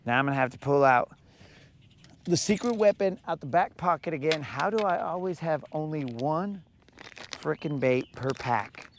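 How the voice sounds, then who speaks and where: A man's voice: on the high side, animated, moderate pace, slight background noise. Slangy joking man fishing from a boat. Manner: laid-back, slangy, joking. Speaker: fishing vlogger. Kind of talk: casual chat while fishing. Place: fishing boat on a lake, outdoors.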